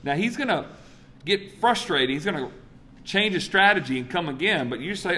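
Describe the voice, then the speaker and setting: A man preaching a sermon, acting out scripture dialogues with big swings in pitch and loudness. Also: expressive, a little fast.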